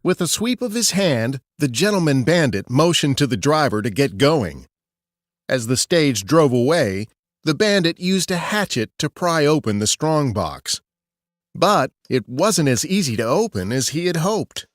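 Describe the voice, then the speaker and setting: A man narrating a scripted true-crime history story in an expressive storytelling way. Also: fairly high pitch, measured pace, no room sound, clean studio sound.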